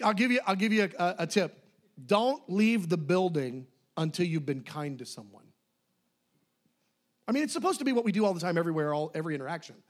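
A man preaching a sermon as a pastor, talking casually and swinging between loud bursts and hushed asides. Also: fairly high pitch.

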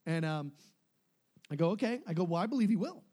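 A man with a high-pitched voice tells a story from the pulpit in an animated way. He laughs easily and acts out the people he quotes. He sounds middle-aged. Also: fairly quick. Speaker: preacher. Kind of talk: sermon storytelling.

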